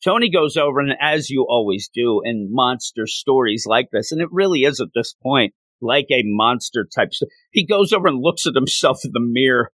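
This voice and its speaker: Man, mid-pitch, casual animated recap, dry close mic. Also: dry recording. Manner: animated, jumps into quick voices for characters. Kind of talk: casual comic-book retelling.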